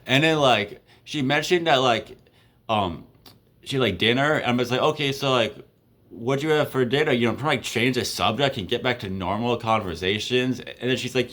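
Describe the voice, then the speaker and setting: A young man in his twenties tells a story casually at a medium pitch. He rambles, leans on fillers, and laughs between lines. His tone stays loose and conversational throughout. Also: moderate pace, fairly bright tone.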